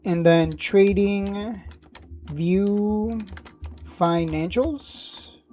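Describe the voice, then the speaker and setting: Laid-back man with a mellow voice. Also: high-pitched, extremely slow, slight background noise. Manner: laid-back, repeats himself, talks while clicking through screens. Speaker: stock live-stream host. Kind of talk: casual live-stream chat.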